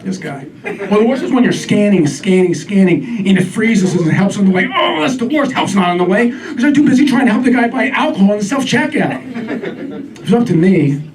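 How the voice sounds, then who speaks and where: A man doing a stand-up comedy set on a club stage, wry with deadpan asides. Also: sits high, fairly quick. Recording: distant mic, live crowd laughter.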